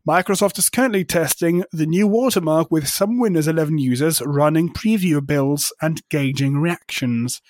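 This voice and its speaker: Podcast co-host, man, slightly high voice, sarcastic sweary rants, dead dry room. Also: normal speed, hardly any pauses, a little mellow, no room sound. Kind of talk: casual tech podcast chat.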